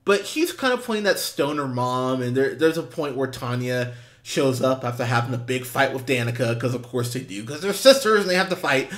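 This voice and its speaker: A man's voice: animated, moderate pace, a bit bright. A man co-hosting a movie podcast, talking in a casual, exasperated way with lots of swearing and restarts. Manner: acts out quotes in high mocking voices. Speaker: podcast co-host, film reviewer. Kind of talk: casual chat.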